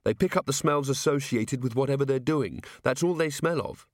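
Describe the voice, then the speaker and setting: In an audiobook, a man voices an earnest young female watch officer reporting her findings, pitching above his own voice while keeping it natural. He speaks mid-range at normal speed. The audio is studio quality with no room sound.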